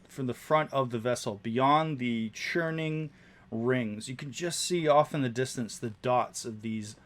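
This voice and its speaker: A man narrating as game master, describing scenes slowly with frequent fillers and restarts. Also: mid-range voice, a bit bright. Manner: descriptive, halting, many fillers.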